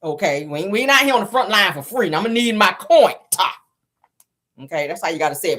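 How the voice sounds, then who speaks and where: A woman hosting a casual gossip show, sassy and animated, calling her listeners child and honey. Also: lowish voice, fast, slightly rough. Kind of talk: casual celebrity gossip commentary.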